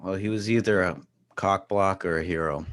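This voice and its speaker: Male podcast host, lowish voice, laid-back, quick reactions and jokes. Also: a bit bright. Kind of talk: casual chat.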